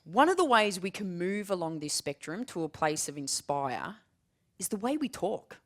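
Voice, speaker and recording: A woman in her forties delivering a keynote to a room full of people. Her voice sits low but swings widely in pitch as she jokes, tells stories and hammers home her points with repeated phrases. Her delivery is animated and conversational. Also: normal speed. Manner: lively, humorous storytelling with emphatic repetition. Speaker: keynote speaker. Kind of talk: keynote presentation. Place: large room with a live audience.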